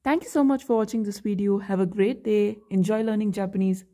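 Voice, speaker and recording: A woman teaching a beginner language lesson, explaining grammar points slowly and carefully with example phrases. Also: mid-range voice, steady tone, mellow.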